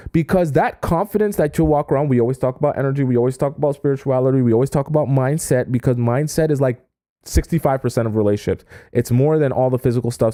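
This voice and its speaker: A man's voice: mid-range voice, mellow, dry recording, studio quality. A man giving dating advice to an online audience in a casual, emphatic way, often checking in with his listeners. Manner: emphatic, keeps checking in with "okay?" and "right?". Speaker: dating coach.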